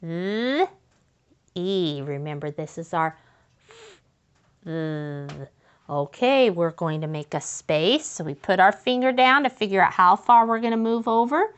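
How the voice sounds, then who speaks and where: A clean-toned, lowish voice belongs to a woman leading young kids through a slow writing lesson. She's animated and a little slow, sounding out letters and words patiently and heaping on praise.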